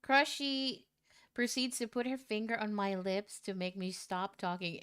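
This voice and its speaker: A woman streamer reading out a viewer's love story in a casual way, breaking into loud, shocked reactions and swearing. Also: medium pitch, level tone, a little slow, smooth.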